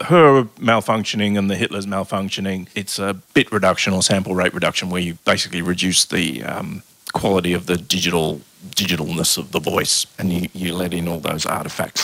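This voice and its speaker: A man's voice: sits low, steady tone, normal speed, gravelly, a bit bright, no room sound. A man on a podcast explaining how he made robot voices, thoughtful and technical. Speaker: podcast co-host, sound designer. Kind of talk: casual chat.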